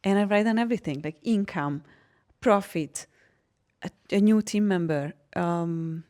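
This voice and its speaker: A woman from Hungary, telling personal stories in a casual podcast chat, animated and laughing often. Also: mid-range voice, a little slow. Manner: animated storytelling, laughs often, frank and expressive.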